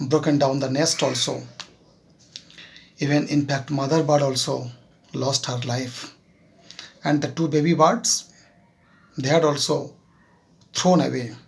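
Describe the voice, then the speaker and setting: A man with an Indian English accent tells a moral story to his students. His voice is slightly high and gravelly, and he talks in a slow, halting way with many fillers, often stopping to check that the class is following. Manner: keeps checking with "Clear?". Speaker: teacher.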